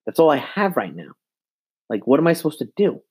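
A man's voice: fairly high pitch, sing-song, a little fast, a little mellow, husky. A man in his twenties giving an exasperated, profane sports rant into a handheld mic, repeating himself. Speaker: sports fan vlogger.

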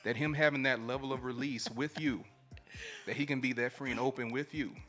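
A young man talks frankly on a casual chat show, breaking into loud laughs and playful mock voices. His voice is bright and forceful. Faint music plays under him. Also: mid-range voice, steady tone, a little fast. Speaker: podcast co-host.

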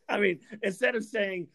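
A man's voice: high-pitched, a bit bright. A man, co-hosting a podcast and delivering a heated, emphatic sports rant full of stammered restarts. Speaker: podcast co-host.

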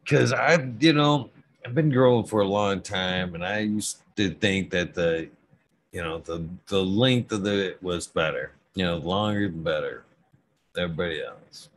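A man's voice: deep voice, normal speed, slight background noise. A middle-aged man talking casually about growing, rambling and stuttering, with frequent swearing. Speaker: cannabis grower guest. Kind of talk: casual podcast conversation.

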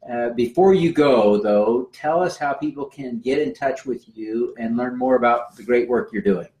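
Brief: male podcast host, mid-pitched, appreciative, roomy echo. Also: moderate pace, darkish tone. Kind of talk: interview wrap-up. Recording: roomy, echoey sound.

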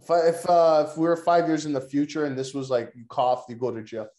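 A man hosting a podcast, joking loudly and swearing in crude, excitable banter. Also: a little high, fast, reverberant. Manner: loud, joking, profane, excitable. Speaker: podcast host. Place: room recorded in person.

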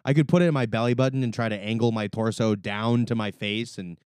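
A man co-hosting a beer podcast in casual chat, animated and self-deprecating, swearing and laughing often. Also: on the low side, fast, clean tone, dry recording, studio quality. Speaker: podcast co-host.

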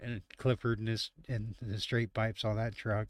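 A man's voice: fairly low pitch, little pitch movement, normal speed, dry recording. A man who drives trucks, telling rambling, profane road stories and laughing often in casual chat.

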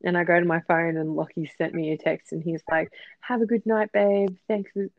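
A woman co-hosting a podcast, telling stories in an animated way and acting out both sides of conversations. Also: on the low side, moderate pace, no room sound, phone-quality sound. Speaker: podcast co-host. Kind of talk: casual chat.

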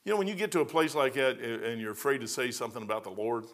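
A man's voice: mid-range voice, fast talker, a bit bright. A middle-aged man, a pastor, giving a verse-by-verse sermon in a folksy, conversational way with personal stories.

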